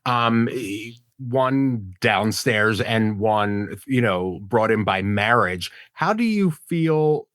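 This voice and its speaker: A man's voice: lowish voice, lively intonation, takes it slowly, fairly bright tone, dry recording, clean studio sound. A man hosting an entertainment interview show, upbeat and joking between questions. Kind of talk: entertainment interview and host segments.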